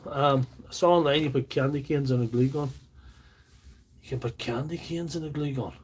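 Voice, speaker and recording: A man's voice: mid-range voice, darkish tone, a little hiss or hum. A man with a Northern Irish accent hosting a casual live stream from a makeshift workshop, chatting in a rambling, self-deprecating way. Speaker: livestream host, tool repairer. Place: makeshift home workshop studio. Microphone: phone on small tripod.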